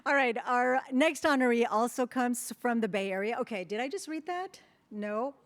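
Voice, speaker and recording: A woman's voice: on the high side, normal speed. A woman presenter introduces an honoree at an awards breakfast in a chatty tone, joking about her own slips. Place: banquet hall at an awards breakfast.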